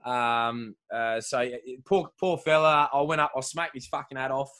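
A man's voice: medium pitch, normal speed, bright, forceful tone, smooth. A man with an Australian accent telling rambling, profane stories in casual banter as a comedian hosting a podcast. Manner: profane, rambling, laughing storyteller.

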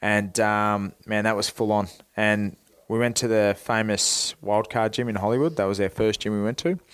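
A young Australian man with a clean, smooth voice, recorded close and dry. He tells stories casually and swears freely, scattering fillers as he goes. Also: fairly low pitch, fairly even intonation, normal speed, a bit bright, no room sound. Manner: laid-back, swears freely, many fillers. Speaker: guest, professional boxer. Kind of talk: casual storytelling on a podcast.

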